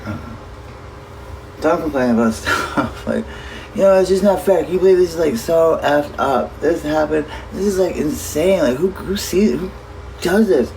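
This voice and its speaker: A man's voice: on the high side, animated, moderate pace, creaky, a little mellow, slight background noise, poor audio. A man chatting casually on a livestream, talking straight to his viewers and swearing freely.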